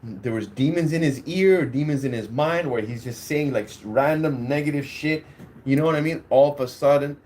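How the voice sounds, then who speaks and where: A man's voice: fairly high pitch, moderate pace, a little mellow. A young man hosting a podcast on his own, talking casually and crudely in a rambling way and laughing at his own stories. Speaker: podcast host. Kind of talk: casual solo podcast talk.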